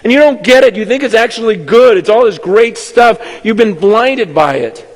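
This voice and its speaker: A man with a high voice preaches a fervent sermon, repeating words and acting out quoted voices. His voice rings with a long reverb in a large church hall. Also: lively intonation, normal speed. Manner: impassioned, acts out quoted voices, stammers and repeats. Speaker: pastor.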